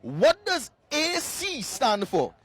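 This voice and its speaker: A man's voice: very high voice, wildly swooping pitch, takes it slowly, a bit bright. A man interviewing passers-by on a city street in a playful, teasing quiz style. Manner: playful, teasing, sing-song questioning.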